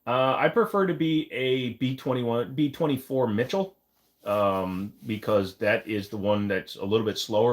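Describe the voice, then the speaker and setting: Low-voiced male streamer, casual joking chat with lots of fillers. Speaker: live stream host. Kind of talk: casual live chat reading comments.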